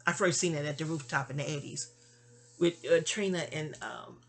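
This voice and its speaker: A woman from New York City with a low-sitting voice and a moderate pace tells a long personal story as a vlogger. The monologue is casual and chatty, and she sounds sleepy, wandering off on asides and frequently starting over.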